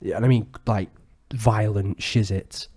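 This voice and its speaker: A young man in his twenties, co-hosting a podcast and telling a crude story in casual, animated chat full of swearing. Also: lowish voice, unhurried, breathy edge. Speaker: podcast co-host.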